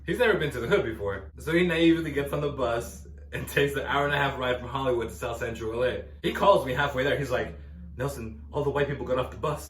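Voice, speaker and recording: A man's voice: medium pitch, quick pace. A young man from Los Angeles doing a stand-up set, telling stories and acting out the voices in them. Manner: animated storytelling, acting out quoted voices. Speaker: stand-up comedian. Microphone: no microphone, camera mic. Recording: roomy echo, faint ambience, no microphone.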